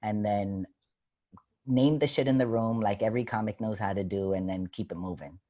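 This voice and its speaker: A man with a fairly low voice answers questions as a comedian guest. He talks in a loose, animated way, full of fillers, and acts out his own stage bits. The sound comes through a video call. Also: moderate pace, lo-fi sound. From United States. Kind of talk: casual Q&A answers.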